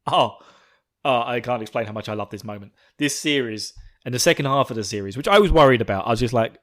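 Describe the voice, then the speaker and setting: A man hosting a podcast, recapping an episode in a gushing, excitable, swearing way. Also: mid-range voice, fast talker. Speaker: podcast host.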